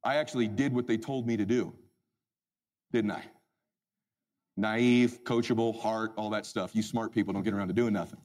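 A man telling a humorous personal story as a motivational speaker, animated and emphatic. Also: fairly low pitch, normal speed, pauses often. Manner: animated, emphatic, swings loud and soft.

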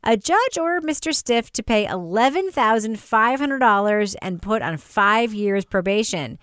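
A woman's voice: on the high side, expressive, unhurried, fairly bright tone, dry recording, clean studio sound. A woman hosting a podcast panel, reading a news item wryly and then chatting with her guests. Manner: wry, reads news items then riffs. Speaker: podcast host. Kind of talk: casual panel talk with scripted segments.

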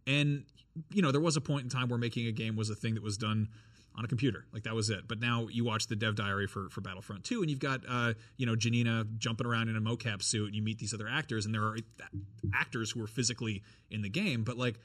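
A man in casual podcast chat, talking quickly with lots of fillers and firm opinions. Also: on the low side, steady tone, a bit bright. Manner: fast, filler-heavy, opinionated. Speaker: games journalist and podcast regular.

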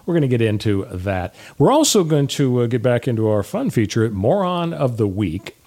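A man's voice: medium pitch, big pitch swings, normal speed, mellow. Guy co-hosting a politics show, jokey leading questions, voice bounces up and down a lot. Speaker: co-host. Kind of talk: political talk show banter.

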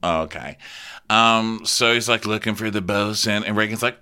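A man's voice: normal speed, pushed and bright, clean tone. A young man co-hosting a podcast, casually recapping a reality show with sarcastic, gossipy asides. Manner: gossipy, sarcastic, mimics cast members in high voices. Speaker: podcast co-host.

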